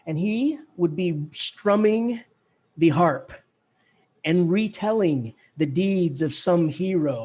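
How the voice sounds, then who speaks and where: Animated husky male professor lecturing. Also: high-pitched, slow. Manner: animated, chants the verse rhythm aloud. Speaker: English professor. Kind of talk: classroom lecture.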